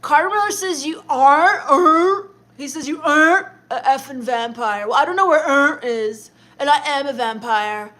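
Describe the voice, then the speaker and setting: Young woman livestreaming, high voice, flat sarcastic brush-offs to her chat. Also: normal speed. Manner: deadpan, dismissive, sarcastic. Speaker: livestream host reading viewer chat. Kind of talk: in-character comedic livestream chat.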